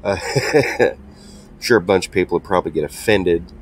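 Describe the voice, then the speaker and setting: A man's voice: low voice, racing, a little hiss or hum. A man hosting a truck game video, talking casually and hesitantly with many ums and restarts. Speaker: gaming channel host. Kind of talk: casual gameplay commentary.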